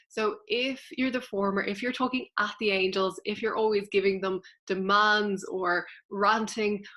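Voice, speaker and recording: A woman's voice: mid-range voice, fairly bright tone. A woman, a spiritual teacher explaining things earnestly and directly to her viewers in a casual vlog.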